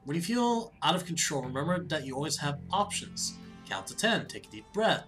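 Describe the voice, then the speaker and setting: A man's voice: on the high side, big pitch swings, brisk, hardly any pauses, over music. A man hosting a casual let's-play, chatty and giggly as he reacts aloud to the game. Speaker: gaming channel host.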